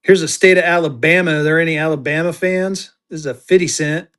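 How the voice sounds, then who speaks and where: A man's voice: on the high side, steady tone, brisk, a bit bright, clean tone. Chatty man hosting a live auction. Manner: chatty, jokey, banters with viewers. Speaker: livestream seller and host. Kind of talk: casual live auction selling.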